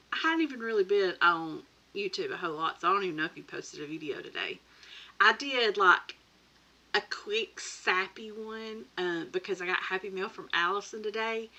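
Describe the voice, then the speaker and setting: A woman's voice: medium pitch, sharp tone. Chatty woman on a dull stream. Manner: chatty, laughing, rambling, addresses viewers by name. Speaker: crafting channel host. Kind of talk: casual late-night live chat. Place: home craft room at night. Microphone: computer or tablet mic.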